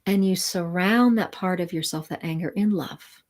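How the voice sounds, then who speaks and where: A woman spiritual mentor and sound healer, talking gently and soothingly to viewers of a live stream. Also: fairly low pitch, normal speed.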